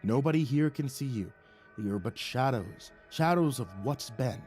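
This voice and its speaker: A man's voice: mid-range voice, expressive, measured pace, a little mellow, breathy edge, soft background music. A man voicing a flustered spirit guide. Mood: earnest. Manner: hesitant, fumbling.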